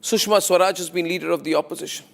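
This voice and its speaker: A male television news anchor with a high-pitched voice, speaking from a studio. He delivers an opinionated monologue, repeating his points and firing off rhetorical questions with insistent emphasis. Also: steady tone, fast, gravelly.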